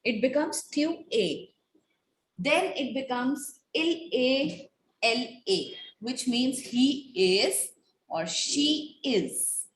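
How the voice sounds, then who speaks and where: Brief: woman teacher, slow and measured, slightly high voice, echoey classroom. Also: expressive. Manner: slow, patient, repeats and quizzes students. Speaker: French teacher. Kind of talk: classroom lecture. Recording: echoey room with faint noise.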